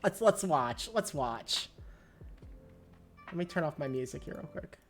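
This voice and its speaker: A woman streaming a game live, chatting to her viewers and breaking into excited squeals and laughter. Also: low-pitched, unhurried, faint music behind. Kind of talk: live gameplay stream chat.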